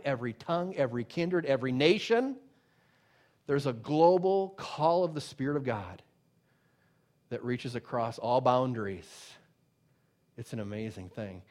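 A pastor with a higher-pitched voice delivers a sermon, preaching emphatically as his volume rises and drops. He also drifts into conversational asides packed with fillers.

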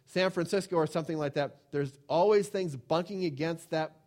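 Male pastor, sermon delivery, earnest and conversational, slightly high-pitched. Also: normal speed, a little mellow. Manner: earnest, conversational preaching with frequent fillers.

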